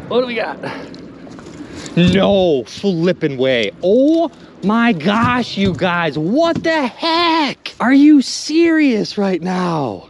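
A man vlogging while magnet fishing from a boat outdoors, excitedly narrating his finds to viewers and exclaiming often. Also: extremely high pitch, slight background noise. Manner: animated, exclaims often, keeps addressing viewers as "you guys".

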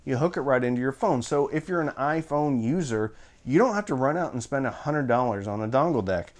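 A man's voice: mid-range voice, expressive, fairly quick. Chatty man reviewing earbuds. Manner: chatty, offhand, jokey asides. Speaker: audio gear reviewer. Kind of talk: casual product review.

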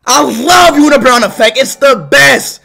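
A young man livestreaming, talking loudly and excitably to his chat and often shouting. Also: extremely high pitch, a little slow, creaky.

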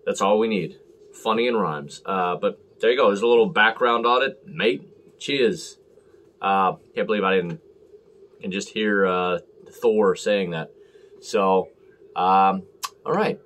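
A man's voice: low voice, a little slow, a bit bright. A man talking casually and rambling as he reviews a beer on camera, full of fillers and self-deprecating asides.

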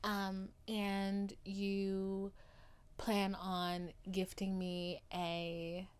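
A woman hosting her own podcast in casual chat, overdramatic and playful, loopy and tired late at night, dropping to hushed asides and then rising to loud declarations. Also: mid-range voice, completely flat delivery, very slow, clear, resonant tone. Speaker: podcast host.

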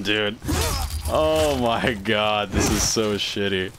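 A man streaming a game live, reacting loudly, swearing and shouting at opponents. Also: fairly low pitch, slow, heavy background noise. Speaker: gaming streamer. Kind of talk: live gameplay commentary.

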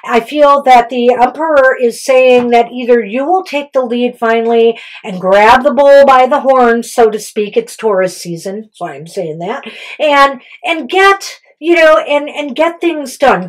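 Chatty higher-voiced woman reading tarot. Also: a little slow, low-quality recording. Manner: chatty, loose, with many fillers and self-corrections. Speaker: tarot reader and co-host. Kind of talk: casual tarot reading chat.

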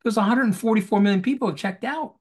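A man talking as a guest in an animated interview over a video call, emphatic and rhetorical, repeating phrases for effect. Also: sits high, fast, husky.

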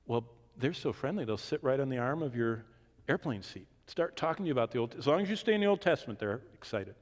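A man teaches scripture in a Q&A session, his mid-range voice rising to emphatic points and then dropping into quiet, confiding asides. The sound rings with the long reverb of a large hall or church. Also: medium pitch, quick pace. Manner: expressive, swings from emphatic to hushed asides. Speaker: Bible teacher. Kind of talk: Bible teaching Q&A.

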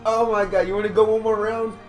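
A woman chatting during a game session who keeps breaking into loud, squealing fits of laughter. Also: medium pitch, flat delivery, fast talker, music in the background. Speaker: gamer recording a play session. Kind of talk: casual gameplay chat.

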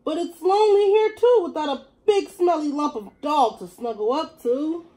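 A woman doing a sharp scolding pet cat. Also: high-pitched, moderate pace, pitched above the performer's own voice, close to an everyday voice.

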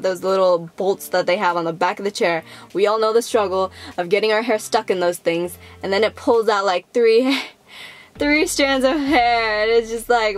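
A young woman vlogging casually to the camera, rambling with lots of fillers and acting out how people reacted. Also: medium pitch.

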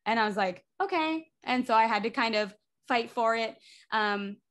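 A theater artist in her twenties chats as a guest in a casual podcast conversation, leaning heavily on "like" fillers. Her voice is a little high and fairly bright, with fairly even intonation at normal speed.

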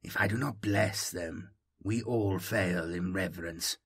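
A man voicing a solemn, pious male Inquisitor in an audiobook reading, with a measured, priestly delivery. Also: sits low, vocal fry, slightly rough, voice pushed down, heavily acted.

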